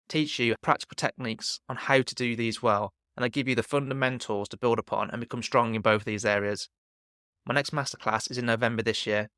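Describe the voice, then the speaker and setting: Man, podcast host, casual chat, clear voice, dry sound. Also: mid-range voice, a bit bright, no echo. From Black Country, England.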